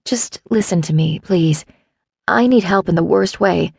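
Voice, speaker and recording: A woman's voice: on the low side, measured pace, gravelly, darkish tone, slightly rough, no echo, clean studio sound, exaggerated voice. A woman voicing a desperate young woman who pleads and rambles through tears. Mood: pleading. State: tearful.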